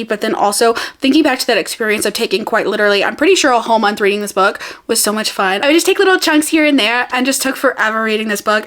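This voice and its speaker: This young woman's voice sits a little high with a fairly bright tone. On her vlog she chats casually about books, bubbly and rambling, often laughing and poking fun at herself in a relaxed, chatty review.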